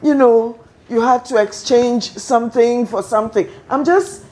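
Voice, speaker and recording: A woman on a webinar panel, thoughtfully giving advice in parables and laughing softly. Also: fairly high pitch, measured pace, slight background noise, rough recording. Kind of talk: casual panel discussion.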